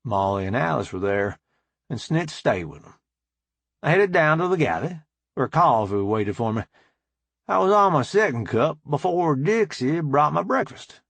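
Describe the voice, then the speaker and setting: A man's voice: on the high side, very animated, moderate pace, creaky, fairly bright tone, no echo. A man narrating a first-person audiobook in an easygoing, matter-of-fact way, close to the mic.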